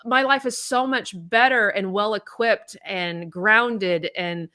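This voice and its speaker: A woman's voice: mid-range voice, takes it slowly, pushed and bright. A middle-aged woman, a podcast co-host, telling a personal story in candid casual chat, blunt and swearing freely.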